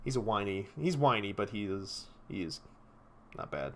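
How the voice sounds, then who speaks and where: A man's voice: on the low side, lively intonation, normal speed. A man streaming a video game, chatting casually with rambling, profane enthusiasm. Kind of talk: casual gameplay commentary.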